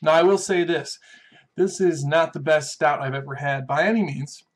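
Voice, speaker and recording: A man hosting a casual beer and pipe review, folksy and relaxed as he walks through each tasting step. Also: fairly high pitch, normal speed. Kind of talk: casual chat.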